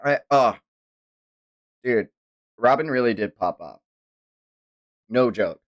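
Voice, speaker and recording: A woman streaming a live reaction, excitable and swearing, with many gasps and exclamations. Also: rumbling low, slow pace. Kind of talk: live reaction to a manga chapter.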